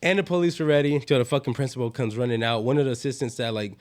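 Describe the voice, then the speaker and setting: A man's voice: medium pitch, very fast. Slangy young LA man telling stories. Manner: rambling slangy storytelling, constant "yo" and "bro" fillers. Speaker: podcast guest. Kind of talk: casual storytelling.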